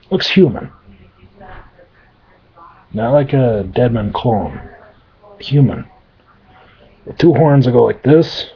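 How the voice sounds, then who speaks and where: A man's voice: mid-range voice, creaky, slightly rough. A man telling a loose, crude, improvised story in a rambling way, in a dull lo-fi recording. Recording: dull lo-fi sound.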